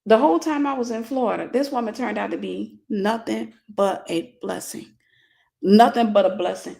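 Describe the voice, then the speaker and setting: A woman's voice: mid-range voice, moderate pace, creaky, dark tone. A woman minister in her forties telling a personal story in a casual livestream sermon, greeting viewers by name.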